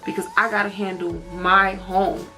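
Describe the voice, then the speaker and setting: A woman's voice: medium pitch, flat delivery, moderate pace, bright, forceful tone, soft background music. A woman telling a personal story in a storytime vlog, emotional and candid, swearing and saying "like" often. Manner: emotional, candid, heavy use of "like" and profanity. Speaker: vlogger.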